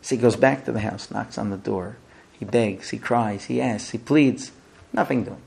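A man teaching a religious class, telling a long story in an animated way. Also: on the low side, normal speed, creaky.

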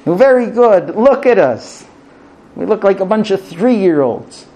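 Guy teaching about marriage like a rabbi, acts out couples bickering, high voice that jumps all over. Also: measured pace. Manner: animated, acts out squabbling spouses in quoted dialogue; quotes Hebrew phrases, then translates them. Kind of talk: spoken lecture.

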